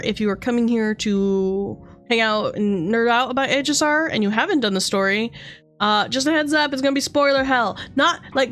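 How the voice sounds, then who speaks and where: A woman's voice: on the high side, a bit bright. Rambling, swearing young woman streamer. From Canada. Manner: rambling, swears freely, many fillers. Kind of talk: casual livestream chat.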